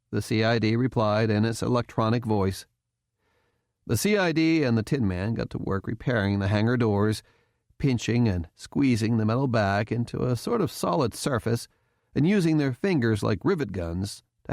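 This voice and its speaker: A man narrating an audiobook in a steady, even reading voice. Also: medium pitch, moderate pace, dry recording, studio quality. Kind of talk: scripted narration.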